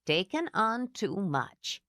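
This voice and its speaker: A woman reading an audiobook, voicing a calm, clucking older cook who speaks slowly and soothingly. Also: fairly low pitch, vocal fry, no room sound, clean studio sound, full character voice. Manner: slow and soothing.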